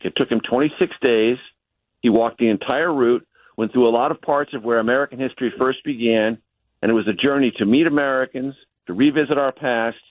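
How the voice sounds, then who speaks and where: A man speaking as a correspondent on a radio news show, calm and analytical, leaning on key words for emphasis, heard over a phone line. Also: medium pitch, no echo. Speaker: chief Washington correspondent, guest. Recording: tinny dry phone line.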